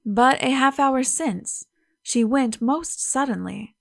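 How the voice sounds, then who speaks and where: Audiobook figure: frightened young French maid, read by a woman, halting, a touch high. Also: creaky, dry recording, clean studio sound, exaggerated voice.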